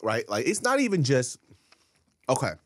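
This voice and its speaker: A man's voice: mid-range voice, huge pitch swings, normal speed, no echo. A man co-hosting a casual podcast chat, blunt and profane, teasing and laughing often. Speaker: podcast co-host.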